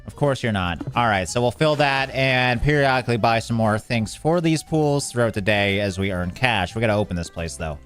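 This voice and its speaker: A man's voice: mid-range voice, lively intonation, brisk, few pauses, a bit bright, soft background music. A man giving casual, joking commentary while playing a game, often exasperated and talking to the game's characters. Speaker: gaming video creator.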